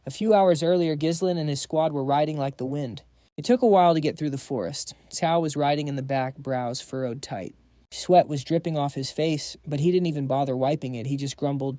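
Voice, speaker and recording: A man narrating a comic recap in a casual, slangy way. His voice is fairly high but dark and mellow. The recording is close and dry. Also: brisk, dry recording. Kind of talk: scripted narration.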